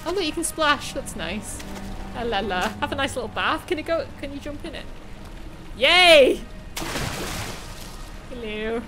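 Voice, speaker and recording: A high-pitched young woman talks her way through a horror game, chatty and jumpy, yelping at scares and laughing them off. Game music plays clearly underneath her commentary. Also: lively intonation, a little slow, long pauses, sharp tone. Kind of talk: live gameplay commentary.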